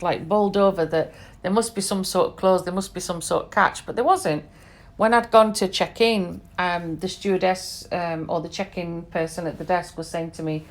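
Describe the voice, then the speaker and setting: A British woman in her forties shares her own travel memories on a podcast. She speaks chattily, leans hard on the points she wants to land, and often drops in little asides to the listener. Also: on the low side. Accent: British English. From England. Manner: conversational, emphatic, lots of fillers and asides. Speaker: podcast host. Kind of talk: personal storytelling monologue.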